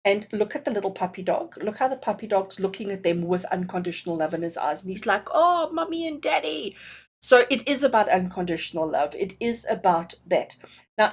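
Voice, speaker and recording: A woman with a husky, slightly breathy voice reads tarot cards for her viewers with warm enthusiasm. She sits at a middle pitch and keeps checking in with a quick "okay?" or "all right?". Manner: acts out little quoted voices. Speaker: tarot reader. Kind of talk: tarot reading to camera.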